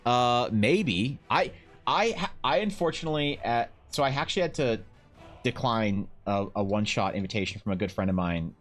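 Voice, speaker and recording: A young man talks to his live-stream audience from his home desk, in a voice of ordinary middle pitch. He rambles and restarts, lively when he tells a story. Soft music plays quietly behind him. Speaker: Twitch streamer and artist. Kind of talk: casual live-stream chat while painting.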